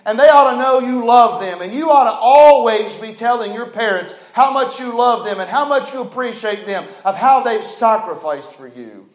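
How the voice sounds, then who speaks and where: A pastor preaching with fervor, his voice sitting high for a man. He swings between ringing emphasis and near-whispered tenderness. The sanctuary around him is roomy and echoey. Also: lively intonation, normal speed, hardly any pauses. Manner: fervent preaching, swings from loud to hushed. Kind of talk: sermon. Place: church sanctuary.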